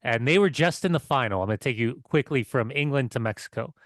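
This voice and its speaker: A man co-hosting a casual football podcast, telling excited, swearing stories with laughs. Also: medium pitch, fast, dry recording, clean studio sound. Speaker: podcast co-host.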